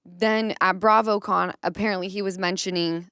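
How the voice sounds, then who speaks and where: Smooth-voiced woman podcast host. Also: mid-range voice, normal speed, dry recording, clean studio sound. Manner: animated storytelling with acted quotes. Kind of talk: casual chat.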